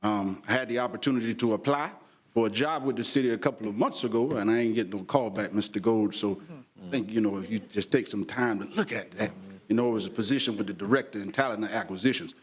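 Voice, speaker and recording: A man as a low-voiced reverend addressing a city council from the podium mic, earnest and conciliatory. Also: fast. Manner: earnest, conciliatory, preacher-like cadence. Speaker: reverend speaking at public comment. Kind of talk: public comment at a city meeting. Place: city commission chamber.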